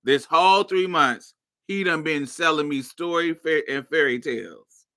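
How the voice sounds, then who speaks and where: Woman, from Indiana, storytime host, very bright tone, slow unhurried delivery, acts out dialogue, laughs a lot. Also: low-pitched. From Indiana, USA. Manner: animated, acts out every voice in the story; laughs often while telling. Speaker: podcast host. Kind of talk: storytime monologue.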